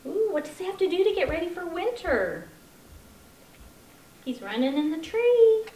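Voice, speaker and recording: A woman's voice: extremely high pitch, big pitch swings, normal speed, warm tone. A woman at a children's library story time, reading a picture book aloud in a sing-song voice and asking the children questions. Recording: echoey library room.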